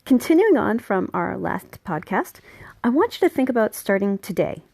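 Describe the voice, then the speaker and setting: Her mid-range voice has a darkish tone, and there's no room sound at all. Hosting a podcast about grooming and training dogs, she's friendly and talkative, laughing now and then and speaking for the dogs as she gives casual instruction.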